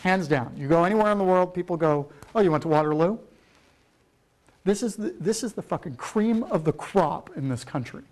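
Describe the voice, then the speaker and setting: A man's voice: sits high, expressive, a little fast, hardly any pauses, darkish tone. A middle-aged man giving a keynote, rambling with lots of fillers and the odd swear word. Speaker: keynote speaker. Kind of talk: rambling conference talk.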